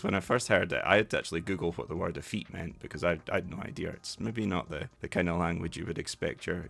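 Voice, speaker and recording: A man's voice: deep voice, vocal fry, a bit bright. A Scottish man hosting an English-learning podcast, explaining things in a rambling, casual monologue with lots of restarts. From Scotland. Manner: rambling, frequent restarts and repeated words. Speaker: podcast host teaching English.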